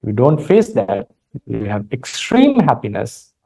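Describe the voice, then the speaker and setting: A man with a Sri Lankan accent giving a calm Buddhist dharma talk, retelling a story with many fillers and restarts. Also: medium pitch, measured pace, gravelly, poor audio. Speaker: Buddhist monk teacher.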